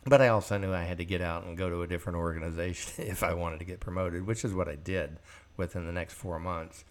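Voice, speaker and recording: An older podcast host with a low voice and fairly even intonation talks fast. He delivers a storytelling monologue about his working life, blunt and profane, voicing the dialogue as he goes.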